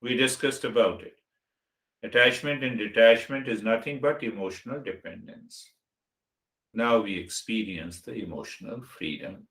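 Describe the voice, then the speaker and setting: A man giving a meditation teaching talk as a spiritual teacher, speaking deliberately and listing words one at a time. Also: lowish voice, fairly bright tone. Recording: roomy echo.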